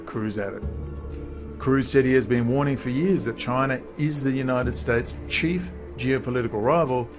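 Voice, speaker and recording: A man's voice: medium pitch, normal speed, over music. A man giving political commentary, reading quotes aloud and laughing at them mockingly. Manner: mocking, laughs at what he reads.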